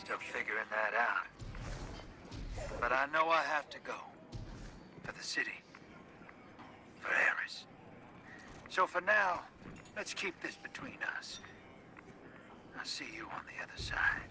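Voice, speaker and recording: An actor playing a secretive rogue who talks in a hushed, half-whispered, conspiratorial way in a video game. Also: male voice, medium pitch, animated, measured pace, long pauses, full character voice. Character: roguish scoundrel man, secretive.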